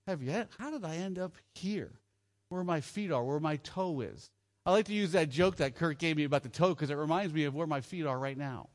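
A man with a fairly high voice preaching a sermon in an easygoing, chatty way. He throws questions to the audience and keeps things light with jokes. He sounds middle-aged. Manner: conversational, jokey, asks the audience questions. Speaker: preacher at a children's home gathering.

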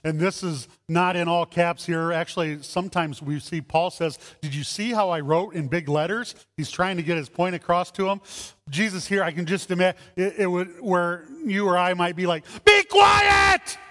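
High-voiced pastor preaching in a reverberant hall. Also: male voice, normal speed. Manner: animated, acts out voices in his stories. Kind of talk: sermon.

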